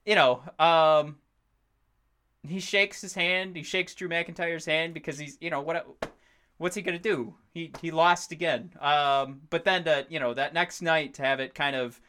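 This is a man in his thirties on a casual podcast, rambling and excitable, swearing freely as he talks. His voice is bright and clear and sits slightly high. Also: a little slow. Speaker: podcast co-host. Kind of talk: casual chat.

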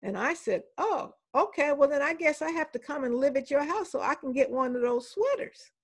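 An older woman with a slightly high voice tells stories from her teaching life in a relaxed interview. She is animated and slips into the voices of children and teachers as she goes. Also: fairly quick. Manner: animated anecdotes, voices the people she quotes. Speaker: professor and interview guest. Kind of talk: storytelling in a conversational interview.

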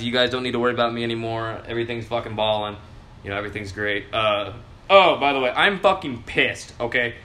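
A young man hosting a casual show, ranting loudly and swearing constantly, with sudden jumps in pitch. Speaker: podcast host.

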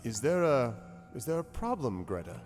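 A man's voice: medium pitch, big pitch swings, a little mellow, soft background music, natural voice. A man voicing a solemn, devout male temple guardian who speaks formally, in a game. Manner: formal, measured speech.

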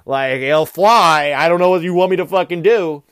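A man's voice: on the high side, normal speed, a bit bright, no echo, studio quality. A man voicing an exasperated male fish-person ship mechanic who whines, swears and gets defensive.

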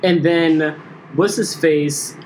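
A woman's voice: low voice, fairly even intonation, slow pace, a little mellow, a little hiss or hum. A young woman telling a story in casual chat, acting out quotes and swearing freely.

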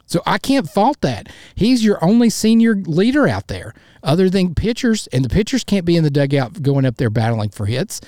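A man's voice: fairly high pitch, big pitch swings, moderate pace, hardly any pauses, darkish tone, no echo, clean studio sound. A man hosting a solo sports podcast, ranting in a fired-up, frustrated way and bluntly repeating himself for emphasis. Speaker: podcast host.

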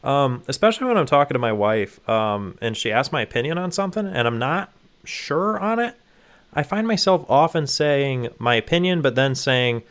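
A young married man co-hosting a podcast in casual chat, animated, with stumbling restarts. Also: medium pitch, moderate pace, clear, resonant tone. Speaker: podcast co-host.

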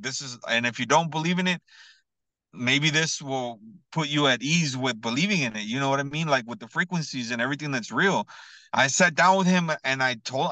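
A man's voice: medium pitch, dry recording, low-quality recording. A man telling a personal story in casual, slangy podcast talk, peppered with "bro" and "you know what I mean", earnest and emphatic. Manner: earnest, builds to excited emphasis.

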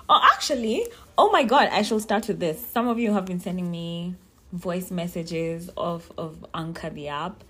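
A young woman hosting a casual solo podcast, chatting in a rambling way that keeps circling back on itself. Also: fairly low pitch. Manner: chatty, rambling, self-interrupting. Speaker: podcast host.

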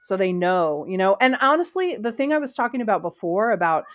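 A woman's voice: mid-range voice, very animated, fairly quick, fairly bright tone. A woman comic book writer talking animatedly through her ideas in a podcast interview, full of asides. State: has the hiccups.

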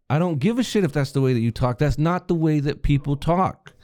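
A man's voice: medium pitch, expressive, a little fast, mellow, no room sound. A man co-hosting a casual podcast, ranting and swearing freely with frequent laughter. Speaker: podcast co-host. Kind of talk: casual profane chat.

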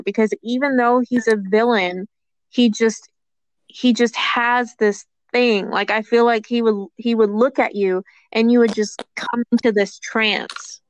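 Easygoing woman, slightly high and smooth. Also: fairly even intonation, unhurried, no echo. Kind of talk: casual fan chat. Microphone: speakerphone call.

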